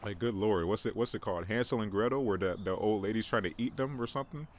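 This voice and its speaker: Speaking fast in a low register, a young man runs his own casual podcast. His delivery is rambling and jokey, full of self-mockery and frequent restarts, with faint noise in the background.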